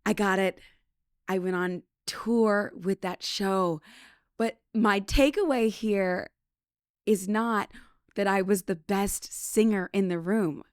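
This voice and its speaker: A woman's voice: medium pitch, takes it slowly, smooth, no echo. Canadian-born woman podcaster, chatty storytelling, dry close mic. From British Columbia, Canada. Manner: chatty and animated, acts out quotes. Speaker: podcast host. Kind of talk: casual storytelling monologue.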